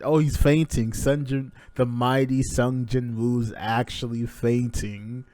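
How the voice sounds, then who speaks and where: A man's voice: mid-range voice, takes it slowly, few pauses, dry recording. Dry-voiced man reacting to a manga. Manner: excitable, swears freely, laughs at himself. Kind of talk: live reaction, reading manga aloud with casual commentary.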